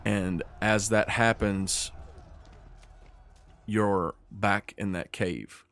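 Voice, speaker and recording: Male game master, lowish voice, unhurried scene narration. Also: steady tone, a bit bright. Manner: slows down for dramatic scene narration.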